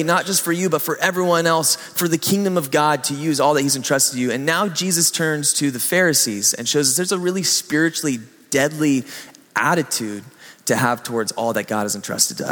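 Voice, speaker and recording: Man preacher, higher voice, lively storyteller, long hall reverb. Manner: animated storytelling, acts out voices. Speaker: pastor. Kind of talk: sermon.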